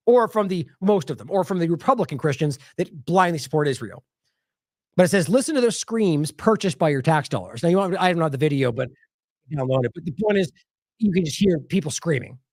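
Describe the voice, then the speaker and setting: Animated indignant male news commentator. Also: high-pitched, no room sound, clean studio sound. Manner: animated, indignant, talks straight to viewers; reacts live while scrolling social media posts.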